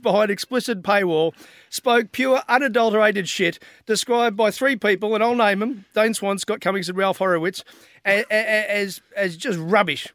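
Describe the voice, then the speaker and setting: A high-voiced man hosts a podcast with cheeky, profane banter. He slips into a mock-formal delivery. The recording is dry and close. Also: fairly bright tone, no room sound. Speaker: podcast co-host.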